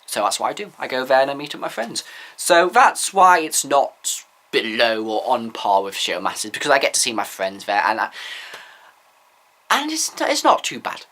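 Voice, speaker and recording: A man's voice: medium pitch, moderate pace, fairly bright tone. A man giving candid, opinionated views in a rambling casual vlog. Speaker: vlogger.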